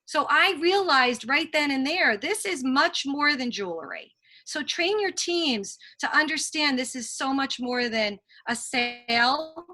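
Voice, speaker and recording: Bright-voiced woman leading a sales training call. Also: high-pitched, lively intonation, measured pace. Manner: earnest, motivational storytelling. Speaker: sales team leader.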